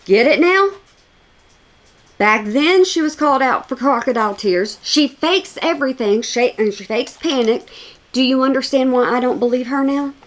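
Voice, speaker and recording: A woman's voice: high-pitched, normal speed. A woman giving reaction commentary, emphatic and scornful, repeating her points for stress. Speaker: commentary YouTuber. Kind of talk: reaction commentary on video clips.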